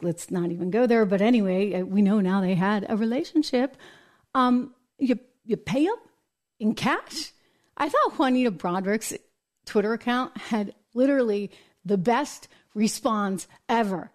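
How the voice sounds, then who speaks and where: Animated, opinionated woman host. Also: medium pitch, moderate pace. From United States. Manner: animated, acts out quotes in mock voices. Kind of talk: opinionated political commentary.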